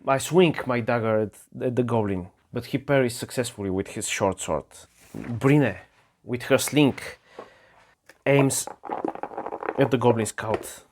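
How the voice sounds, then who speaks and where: A man's voice: medium pitch, darkish tone, slight background noise. A man narrating his own solo tabletop adventure, describing dice rolls and actions with frequent restarts. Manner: unhurried, halting narration. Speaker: solo game player and narrator.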